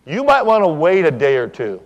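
A middle-aged man, a pastor, preaching a sermon, animated when he acts out quoted dialogue and quiet when he reflects. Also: fairly high pitch, brisk, in a large hall, lo-fi sound.

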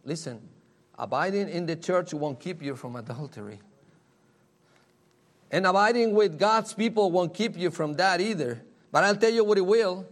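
A man's voice: high voice, lively intonation, normal speed. A man preaching a sermon, earnest and emphatic, repeating key phrases and asking rhetorical questions. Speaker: pastor.

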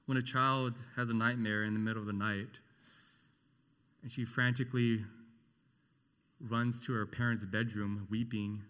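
Male pastor, mid-range voice, preaching slowly with passion, moves between booming questions and gentle near-whispers; long room echo. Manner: impassioned, swinging from loud rhetorical questions to hushed tenderness. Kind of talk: sermon.

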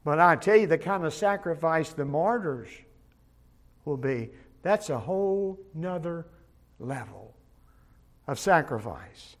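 A man preaching a Bible study sermon as pastor, emphatic, swinging between loud declarations and soft asides, often repeating words as he starts a phrase. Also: a little high, lively intonation, takes it slowly, pauses often.

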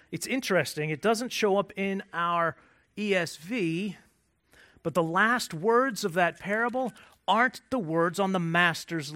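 A male pastor preaching in a slow, deliberate way, his voice bright and forceful and a little higher than most men's. He restarts and repeats words as he reaches for phrasing. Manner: builds from quiet, slow emphasis to rising intensity. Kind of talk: sermon.

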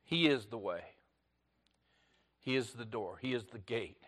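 Emphatic preacher, slow and bright-voiced. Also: male voice, medium pitch, lively intonation. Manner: swings between loud emphatic lines and hushed near-whispers; preaches in short, repeated declarative phrases. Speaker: pastor. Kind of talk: sermon.

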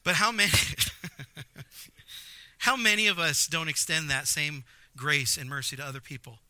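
A man preaching a sermon, animated, with jokey asides and emphatic repetition. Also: fairly high pitch, unhurried, no echo. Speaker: pastor.

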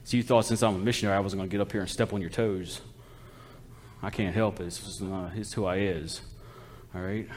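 A man's voice: low-pitched, fairly even intonation, brisk, darkish tone, slight background noise. A man preaching a sermon as a missionary, folksy and exhortative, calling out to the congregation for responses.

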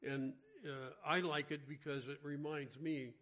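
A man's voice: fairly high pitch, level tone, measured pace, a bit bright. A man giving an informal Bible study sermon, talking conversationally with frequent restarts. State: mentions having an irregular heartbeat. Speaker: Bible teacher.

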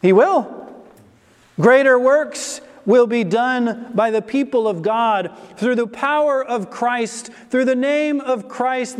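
Male preacher, very high voice, unhurried emphatic delivery, long hall echo. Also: clear, resonant tone. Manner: emphatic, slow and deliberate preaching with stressed repetitions. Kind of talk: sermon.

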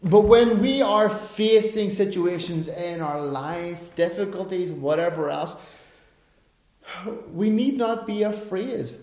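A man's voice: high voice, takes it slowly, a little mellow. A middle-aged male pastor preaching a sermon, emphatic, with chatty asides and self-corrections. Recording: echoey room.

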